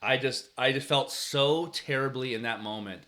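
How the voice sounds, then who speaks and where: An earnest man, likely in his thirties, gives coaching advice in a relaxed, chatty way. His voice is bright and forward, with a middle pitch. He often restarts his sentences and sometimes acts out how he used to yell at his players. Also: moderate pace. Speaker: youth sports coach and show host. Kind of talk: casual advice talk.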